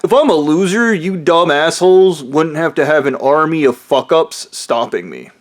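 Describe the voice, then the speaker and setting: A man rants into the camera in a rambling, profanity-heavy monologue, sounding bitter and aggrieved. His voice sits somewhat high for a man. He swears often and doubles back mid-sentence. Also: expressive, moderate pace. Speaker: vlogger. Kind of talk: ranting monologue.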